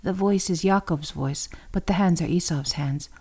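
A solemn old blind patriarch speaks in measured phrases, voiced by a woman reading aloud. The voice sits low and mellow. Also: slightly rough. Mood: questioning.

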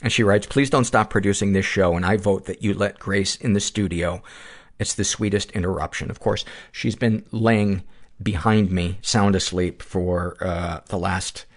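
Deep husky guy reading a fan letter on his podcast, earnest, rambles a bit. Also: steady tone, moderate pace. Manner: earnest, rambling, with asides and restarts. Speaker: podcast host. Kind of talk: reading a listener letter aloud, then casual reflection.

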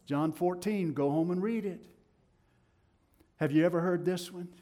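High-voiced Tennessee preacher, impassioned. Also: male voice, measured pace. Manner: impassioned, swinging between loud declarations and hushed lows. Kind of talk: sermon.

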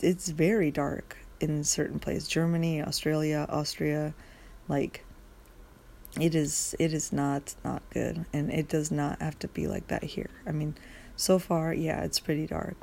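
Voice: mid-range voice, gravelly, a little mellow. A podcast host rambling through a casual solo monologue, just woken up and groggy, swearing freely and losing the thread.

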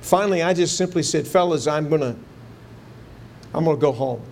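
A man preaching a sermon in a fairly high voice, telling his story earnestly and pushing up into fervent pleading as he recalls his prayers. A faint low rumble sits under the recording. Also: a little fast, creaky, darkish tone. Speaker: pastor.

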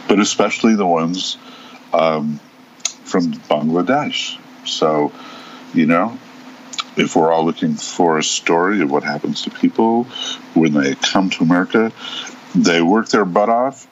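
A man's voice: sits low, muffled recording, slight background noise. A man co-hosting a podcast in casual chat, giving blunt, sarcastic opinions. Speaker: podcast co-host.

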